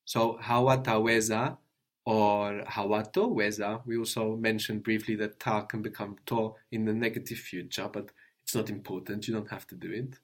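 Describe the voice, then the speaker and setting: A man teaching a language lesson, patiently prompting his student with questions and gently correcting answers. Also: fairly low pitch, little pitch movement, normal speed.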